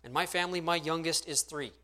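Male pastor, thirties, sermon, fairly high voice, earnest, conversational. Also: fast talker, bright, forceful tone. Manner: earnest, conversational preaching with rhetorical questions.

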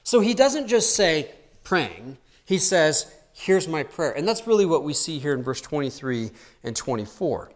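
A man's voice: fairly high pitch, very animated, measured pace. Earnest male pastor preaching. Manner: earnest, teacherly, drops to soft intense tones. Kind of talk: expository sermon. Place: church.

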